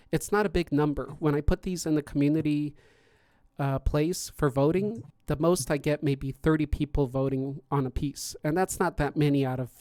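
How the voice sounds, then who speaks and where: Rambling podcast host, dry sound. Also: male voice, fairly high pitch, darkish tone, no room sound. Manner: rambling, many fillers and restarts. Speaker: podcast host and contest judge. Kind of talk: casual live-stream chat.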